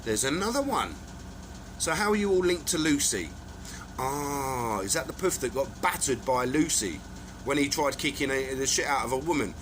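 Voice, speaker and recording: A man's voice: medium pitch, lively intonation, moderate pace, background noise. A man in a rambling monologue, ranting angrily and swearing as he accuses people. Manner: angry, profane, accusatory ranting.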